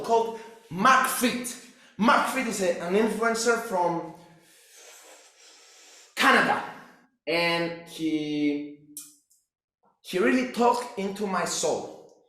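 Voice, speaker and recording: A man's voice: sits high, fairly bright tone. A young man from Cyprus, telling his personal story as a fitness coach in an intense, profane way. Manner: intense, profane, restless delivery with restarts. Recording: very echoey room.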